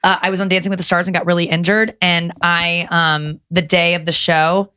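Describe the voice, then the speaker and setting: A young adult woman telling stories in casual podcast chat, animated and swearing freely. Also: lowish voice, brisk, smooth.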